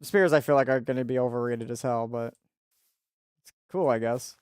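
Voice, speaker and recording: A man's voice: mid-range voice, moderate pace, a little mellow, clear, resonant tone, dry recording, clean studio sound. Young man joking through a video game. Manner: laid-back, joking, laughs often, trips over words. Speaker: gaming channel host. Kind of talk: casual let's-play commentary.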